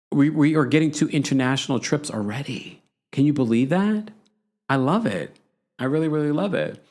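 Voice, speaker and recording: A man hosting a reality TV recap podcast, telling the story in an animated, gossipy way and checking in with "okay?" asides. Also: fairly low pitch. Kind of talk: casual chatty recap.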